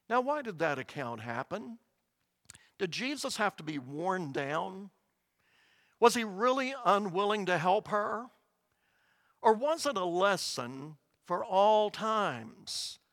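A man preaching a sermon, earnest and emphatic, his voice rising high on quoted words. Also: a bit bright, dry recording.

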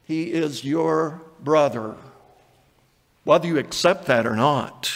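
High-voiced man preaching in a hall. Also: slow, gravelly. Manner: earnest preaching, reads scripture aloud, acts out quotes. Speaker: pastor. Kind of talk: sermon.

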